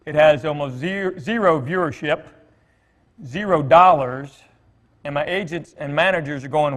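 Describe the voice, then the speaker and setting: A man's voice: fairly high pitch, normal speed, a bit bright. A middle-aged man, a comedian, telling stories to a church congregation in a conversational, joking way with fillers and asides. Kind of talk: storytelling talk to a congregation. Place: church hall with an audience. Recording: long reverb from a large church hall.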